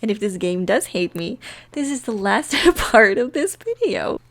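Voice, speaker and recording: A young woman giving casual, giggly commentary while playing a life-sim game, chatty and excitable. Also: mid-range voice, measured pace. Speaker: gaming video creator. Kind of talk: casual let's-play commentary.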